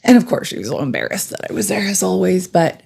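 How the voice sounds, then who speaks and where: A middle-aged woman, co-hosting a podcast and chatting casually, telling a story with lively quoted dialogue. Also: fairly low pitch, fast, vocal fry, husky. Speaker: podcast co-host. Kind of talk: casual chat.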